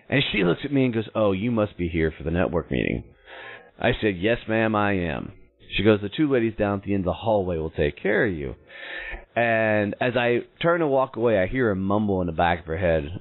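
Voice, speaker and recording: A man in his thirties, a show host telling a personal story in an animated way, acting out the people in it. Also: on the low side, fairly quick. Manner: animated, acts out quoted voices in his story. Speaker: podcast host. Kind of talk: storytelling monologue. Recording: tinny phone-like audio.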